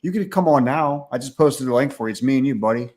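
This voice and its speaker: A man's voice: mid-range voice, lively intonation, fast, a little mellow. A man hosting a livestream, ranting casually with crude, profane mockery. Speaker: livestream host.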